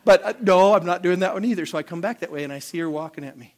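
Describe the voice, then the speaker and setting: A man preaching a sermon as pastor, animated and calling out to the congregation for responses. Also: high-pitched, rapid-fire.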